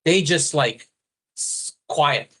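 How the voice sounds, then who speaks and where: A man's voice: on the high side, extremely slow. Profane storytelling man. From a foreigner living in Thailand. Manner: profane, animated storytelling with quoted voices. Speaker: storyteller in casual chat. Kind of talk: casual chat.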